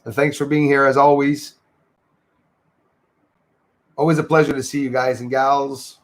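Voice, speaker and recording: A man's voice: mid-range voice, flat delivery, unhurried. A man hosting a casual livestream, chatting with viewers, greeting them by name and often saying "eh". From Canada. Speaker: livestream host.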